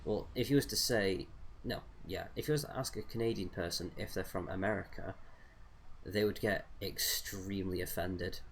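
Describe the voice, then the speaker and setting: A man's voice: sits low, moderate pace, slight background noise. A young English man chatting casually with viewers while playing a game, rambling with lots of ums and uhs. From England. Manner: rambling, hesitant, many fillers. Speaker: gaming streamer.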